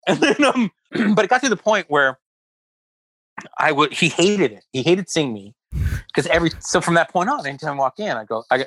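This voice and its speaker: A man's voice: on the high side, fairly quick, dry recording. A male comedian and writer, a guest on a chat show, telling a long funny anecdote with laughs and acted-out quotes. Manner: animated anecdote-teller who keeps acting out quotes; laughs often mid-story. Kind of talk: casual storytelling chat.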